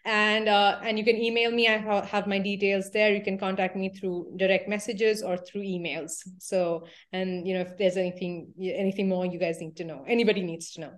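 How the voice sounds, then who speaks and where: A woman's voice: mid-range voice, steady tone, fairly quick, few pauses. A woman from India talking earnestly as a podcast guest, with many fillers, over a remote call. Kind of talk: casual interview conversation.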